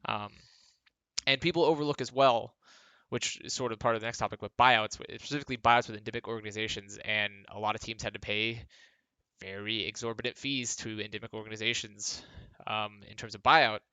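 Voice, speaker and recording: A man's voice: lowish voice, fairly even intonation, fairly quick, sharp tone, smooth, dry recording. A tired young man, a former esports pro, talking in a casual vlog monologue from his home workspace, rambling with lots of fillers and dry sarcasm.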